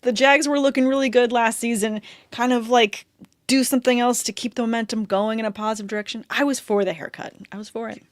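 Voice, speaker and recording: A woman's voice: a little high, fairly even intonation, fast talker, dry recording, studio quality. A young adult woman co-hosting a fantasy football podcast in casual chat, upbeat and talkative, laughing often.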